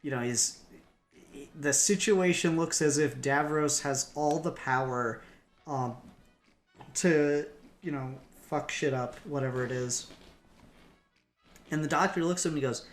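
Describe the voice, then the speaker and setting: A man's voice: on the high side, unhurried, pauses often, faint music behind. Rambling, swearing male podcast host. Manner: rambling, swears, many ums and restarts. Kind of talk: casual podcast chat.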